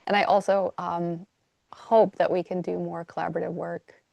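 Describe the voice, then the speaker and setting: A woman hosting a podcast interview, speaking in an effusive, affirming way. Her voice sits on the low side with a gravelly fry running through it. The sound is dry and close, with no room around it. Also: little pitch movement, normal speed, a little mellow, no echo, muffled recording. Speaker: podcast host. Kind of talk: conversational interview.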